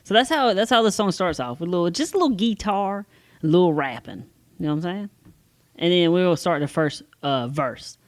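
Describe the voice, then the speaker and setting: A man co-hosting a casual podcast, chatting with a friend and reading song lyrics aloud slowly with fillers. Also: sits high, lively intonation, no room sound. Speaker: podcast co-host.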